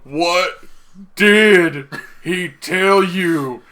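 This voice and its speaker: A frantic male general begs and shouts, his voice pushed high and slow, as a podcaster puts him on. The tone is bright and forceful, but loosely acted for a laugh. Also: full character voice. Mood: desperate. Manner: loud pleading, drawn-out shouting.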